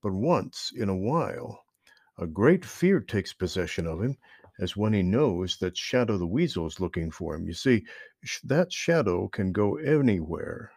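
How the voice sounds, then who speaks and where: Male storyteller for a children's tale, expressive and animated, low and gravelly. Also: unhurried, dry recording, clean studio sound. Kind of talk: reading a children's story aloud.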